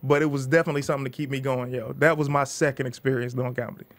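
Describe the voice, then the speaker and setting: A man's voice: medium pitch, fairly even intonation, rapid-fire. A man in his twenties from Detroit, a comedian telling stories in a casual interview and acting out the voices of the people in them. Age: 20s. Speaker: comedian guest.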